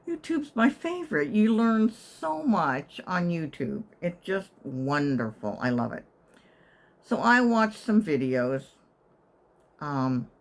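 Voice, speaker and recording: A woman's voice: deep voice, a bit bright. An older woman living in assisted living, telling a wry, chatty story to her channel and sometimes whispering her inner thoughts. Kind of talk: casual storytelling to camera.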